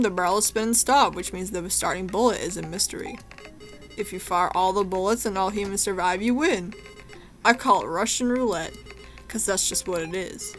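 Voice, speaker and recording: Woman putting on a raspy smoker-voiced game host. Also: medium pitch, a bit bright, natural voice. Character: gravelly chain-smoking man hosting a death game.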